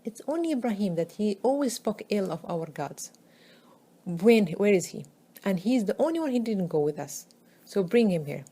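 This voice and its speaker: A woman's voice: medium pitch, animated, moderate pace, dark tone, close to an everyday voice. A woman voicing indignant townspeople who demand to know who wrecked their idols. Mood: outraged. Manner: indignant, accusing. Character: outraged townsfolk shouting for a culprit.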